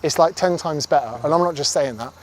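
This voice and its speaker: A man's voice: fairly high pitch, fast. Chatty blunt English man vlogging. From England. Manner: chatty, blunt, swears freely. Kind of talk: casual travel vlog.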